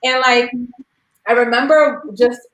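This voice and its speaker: Speaking a little slowly in a steady, somewhat high and bright voice, a thirtysomething mother casually and candidly recounts stories about her young son, voicing the dialogue herself. The recording echoes in the room and carries a slight hiss or hum.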